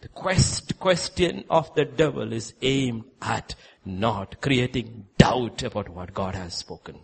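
A male preacher delivering a sermon, telling stories and swinging between loud emphasis and hushed lines. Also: medium pitch, slow, gravelly, a little hiss or hum.

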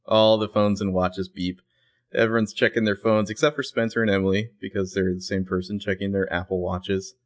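A man's voice: fairly low pitch, level tone, brisk. A man co-hosting a podcast, narrating TV scenes in a dry, playful, detailed way. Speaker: podcast co-host. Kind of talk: casual recap chat.

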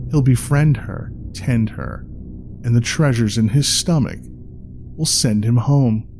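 A man narrating a dark tale in a measured, dramatic scripted reading. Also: medium pitch, a little hiss or hum.

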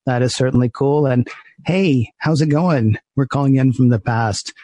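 A man's voice: medium pitch, moderate pace, warm tone, no room sound. A man co-hosting a live podcast, jokey and upbeat like an announcer. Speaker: podcast co-host.

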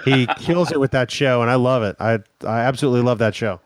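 A man's voice: mid-range voice, fast talker, no room sound. A man co-hosting a podcast, chatting casually and wrapping up the show with thanks. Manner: upbeat, wraps up segments. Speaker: podcast co-host. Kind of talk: casual chat.

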